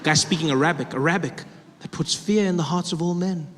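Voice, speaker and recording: A man's voice: a little high, brisk, big-room sound. A male stand-up comedian performing a set, talking conversationally with self-mocking asides.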